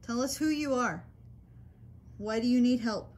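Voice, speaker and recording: A woman's voice: on the high side, unhurried, darkish tone. A woman paranormal investigator calling out to spirits in an old hotel, speaking in a patient, coaxing, reassuring way. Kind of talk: calling out to spirits during a ghost hunt.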